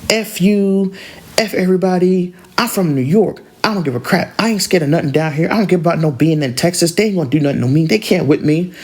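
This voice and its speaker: A man voicing a combative, paranoid drunk young woman who yells indignantly in street slang. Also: sits high, takes it slowly, hardly any pauses, voice pushed up. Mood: drunk, furious.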